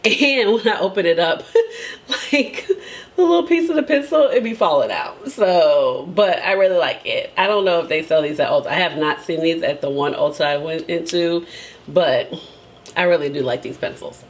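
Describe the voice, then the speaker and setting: A woman's voice: sits low, normal speed. A woman beauty vlogger talking casually and emphatically to her viewers, laughing often and tagging her points with "okay?". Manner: chatty and emphatic, tags lines with "okay?"; laughs often between remarks. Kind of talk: casual chat.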